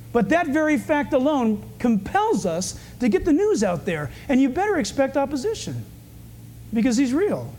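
A male pastor preaching a sermon, animated and humorous, swinging from fast urgent bursts to low hushed asides. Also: a little hiss or hum. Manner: humorous, storytelling.

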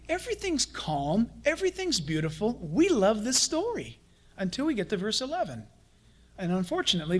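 A pastor with a high voice preaches a sermon animatedly, acting out the voices of the people he quotes.

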